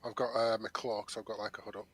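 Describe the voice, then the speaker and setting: A man's voice: fairly low pitch, little pitch movement, quick pace, a bit bright. A man playing a tabletop game, talking in an offhand, wry way. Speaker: player. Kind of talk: casual tabletop play.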